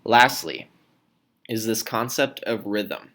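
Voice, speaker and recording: A man's voice: lowish voice, lively intonation, slow pace, fairly bright tone. A man teacher explaining how to read poetry aloud in a recorded lesson, demonstrating points with his own voice.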